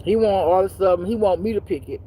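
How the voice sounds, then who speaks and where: A woman telling a personal story as a spiritual life teacher, in a blunt, profane, animated way that swings between loud and hushed. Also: medium pitch, fast talker, slight background noise. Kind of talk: casual storytelling monologue.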